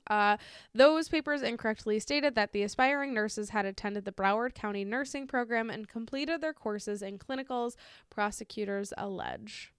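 Midwestern woman, smooth casual podcast voice. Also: a little high, normal speed, dry recording, studio quality. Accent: American Midwest. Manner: laughs often, swears casually; reads news excerpts, stumbling over names. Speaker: podcast co-host. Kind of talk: casual chat.

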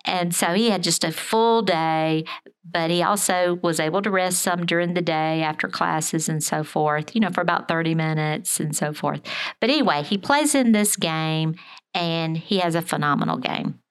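A woman's voice: lowish voice, normal speed, smooth. A middle-aged woman telling a family story in casual conversation, earnest and hesitant, with many fillers and restarts.

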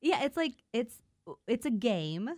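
A woman's voice: a little high, sing-song, measured pace, darkish tone, dry recording. A woman co-hosting a local radio show, upbeat and chatty, laughing often as she leads a casual talk in a studio.

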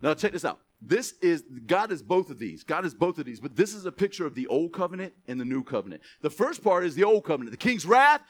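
Animated high-pitched male preacher. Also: fast, hardly any pauses. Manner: animated, stretches scripture words for emphasis, drops to asides. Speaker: pastor. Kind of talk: sermon.

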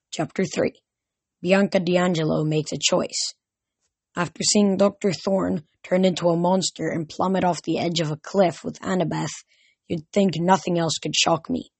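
A man's voice: sits high, gravelly, slightly rough, no echo. A young man reading a storybook chapter aloud, plain and a little hesitant, with small restarts. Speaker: reader. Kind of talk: amateur audiobook reading.

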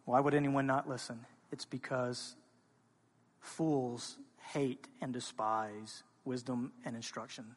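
A man preaching a sermon as a pastor, speaking with passion and moving between quiet, intimate stretches and loud, urgent ones. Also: mid-range voice, little pitch movement, takes it slowly, long reverb tail. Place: church sanctuary.

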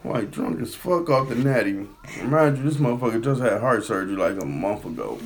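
A man hosting a podcast, telling a story in casual chat and acting out the quotes in a loud, high voice. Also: animated, a little fast, crowd noise. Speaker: podcast host.

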